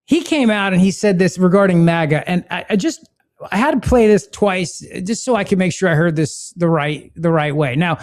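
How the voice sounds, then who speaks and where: A man's voice: high voice, lively intonation, moderate pace. A man hosting a political talk podcast, sarcastic and mocking in a casual chat. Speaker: podcast host.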